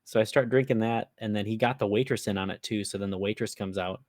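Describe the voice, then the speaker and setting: This man speaks quickly in a lowish, darkish voice, recorded dry with studio quality. He's a podcast co-host from the Upper Midwest of America, casually spinning a lengthy prank tale full of laughter and curse words as he rambles along.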